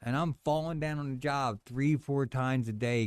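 A middle-aged man telling a personal story in casual chat, animated and acting out the voices of others. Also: mid-range voice, normal speed, smooth, dry recording. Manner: animated storyteller, acts out quoted voices, says "man" a lot.

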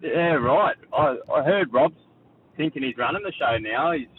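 A man's voice: fairly high pitch, expressive, normal speed, recorded from a distance, natural voice. A man voicing a rambling, blokey wrestling-fan caller with an Australian accent, heard over a phone line. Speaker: caller character on radio show. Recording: tinny phone line with faint noise.

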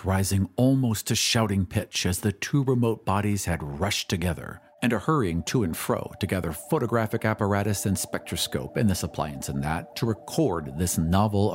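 Low-voiced man narrating a story. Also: husky, soft background music. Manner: measured, dramatic storytelling. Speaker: audiobook narrator. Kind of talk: scripted narration.

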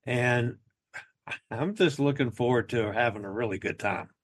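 A man's voice: medium pitch, moderate pace. Joking, easygoing male host. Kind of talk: casual interview chat.

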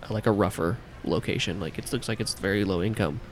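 A man's voice: on the low side, fast, soft background music. A man narrating a tabletop game as game master, in a casual, loose way. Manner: casual, loose, filler-heavy.

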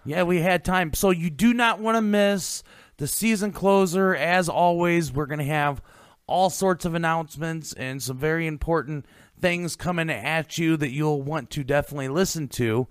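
A man hosting a podcast, chatting casually and sliding into a low, hushed sign-off. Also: moderate pace, clean tone, dry recording, clean studio sound. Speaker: podcast host.

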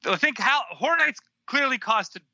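A man chatting casually as a podcast guest, easygoing and quick to laugh, heard over a dull lo-fi remote line. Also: very high-pitched, expressive, creaky, pushed and bright, no echo. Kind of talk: casual chat.

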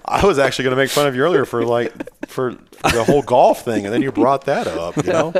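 A man's voice: medium pitch, expressive, fast talker. A man hosting a podcast, chatting casually on a microphone with headphones, rambling and joking as he tells stories. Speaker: podcast host. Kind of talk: casual chat.

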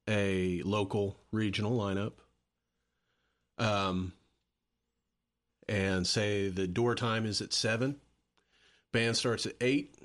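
A man musician chatting casually, rambling with restarts and casual swearing. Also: lowish voice. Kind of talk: casual chat.

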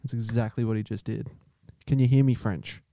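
A man's voice: lowish voice, fairly even intonation, fairly quick, gravelly, warm tone, no room sound. An Australian man co-hosting a podcast, teasing his co-host with sarcastic ribbing. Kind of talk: casual banter.

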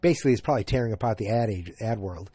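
A man casually recapping a TV episode, halting and rambling with frequent restarts. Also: on the low side, mellow, breathy edge, no room sound. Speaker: show recap host.

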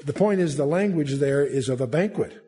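A man's voice: a little high, animated, brisk, dark tone. An older man teaching a Bible study, reading scripture aloud and then explaining it with frequent restarts and filler words. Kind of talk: verse-by-verse Bible study lecture.

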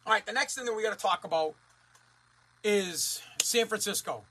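A man's voice: sits high, moderate pace, sharp tone. A man ranting as a talk radio host, blunt, profane and fired up.

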